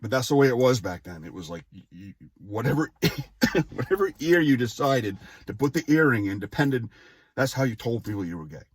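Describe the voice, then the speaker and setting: A man's voice: mid-range voice, very animated, a little fast, husky, dry recording. A man in his forties telling a personal story casually, rambling off on tangents and interrupting himself with wry asides. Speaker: vlogger.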